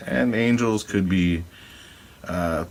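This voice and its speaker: Deep-voiced man with dry quips. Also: takes it slowly, a little mellow. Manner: dry joking interjections. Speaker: podcast co-host. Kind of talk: casual chat.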